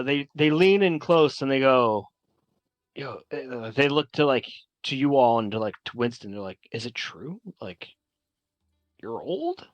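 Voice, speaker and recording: A man's voice: mid-range voice, no echo. A man narrating as game master in a tabletop game, talking casually with many fillers and restarts.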